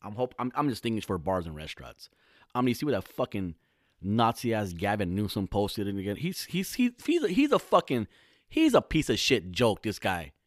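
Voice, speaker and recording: Man vlogger, profane casual rant, pitch jumps all over, dry close sound. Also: big pitch swings, no echo. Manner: heavy swearing, fast slangy talk that swings into loud outbursts.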